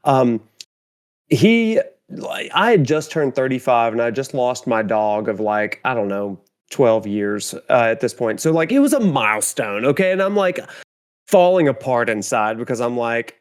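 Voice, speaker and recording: A man in his forties, a podcast host from the United States, telling a story in casual chat, animated and full of fillers. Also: medium pitch, normal speed, clear, resonant tone.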